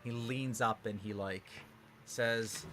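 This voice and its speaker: Man as game master narrating a tabletop game, bright and rambling. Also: medium pitch, unhurried, a little hiss or hum. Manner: rambling, animated narration with fillers.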